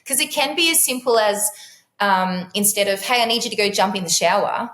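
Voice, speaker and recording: Animated woman in an echoey room. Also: medium pitch, brisk. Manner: animated, acts out quotes in bright character voices. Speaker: guest. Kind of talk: candid conversational storytelling.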